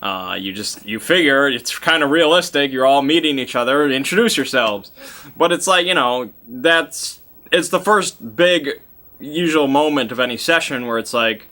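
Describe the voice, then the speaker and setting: A man's voice: medium pitch, lively intonation, moderate pace, bright, forceful tone. A man casually recapping a tabletop game session, rambling, with many fillers and chuckling asides.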